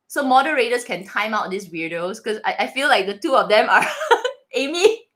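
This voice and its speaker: A woman hosting a casual live Q&A, chatting with viewers and reading their comments aloud. She is animated and laughs often, with frequent restarts. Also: mid-range voice, brisk. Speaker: livestream host reading viewer chat.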